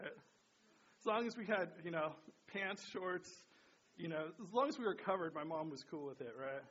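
A man's voice: high voice, a bit bright, husky. A man preaching a sermon and praying aloud, chatty and casual, often checking in with "right?" and "you know". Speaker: pastor. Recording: dull lo-fi sound.

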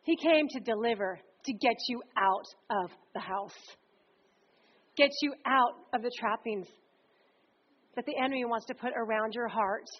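A woman preacher delivering a sermon in a conversational, energetic way, often slipping into acted quotes. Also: a little high, measured pace. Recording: dull lo-fi recording.

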